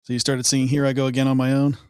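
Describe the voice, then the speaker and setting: A man's voice: mid-range voice, monotone, rapid-fire, smooth, no echo, clean studio sound. Laid-back joking podcast host, man. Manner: jokey, laughs easily, brief reactions. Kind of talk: casual interview chat.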